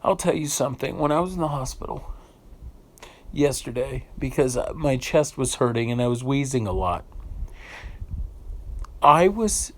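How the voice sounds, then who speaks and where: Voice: mid-range voice, expressive, unhurried, pauses often. A vlogger from the United States giving an emotional, unscripted rant, indignant and swearing freely, often repeating phrases while searching for words.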